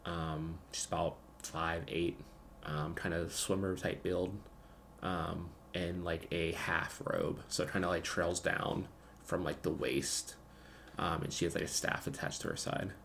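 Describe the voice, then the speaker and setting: A man's voice: low-pitched, steady tone, unhurried, gravelly, fairly bright tone, a little hiss or hum. A man narrating as game master in a tabletop role-play, casual, with many fillers. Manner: casual, lots of ums and likes.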